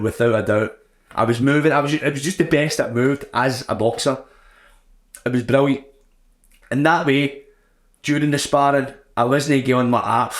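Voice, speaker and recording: A young man chatting casually and bluntly on his podcast, swearing freely as he tells a story. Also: medium pitch. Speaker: podcast host. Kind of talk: casual solo chat.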